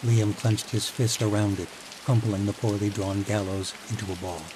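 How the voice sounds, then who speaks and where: Low-voiced man narrating over rain. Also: moderate pace. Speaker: audiobook narrator. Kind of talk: scripted fantasy audiobook narration. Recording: steady rain noise behind voice.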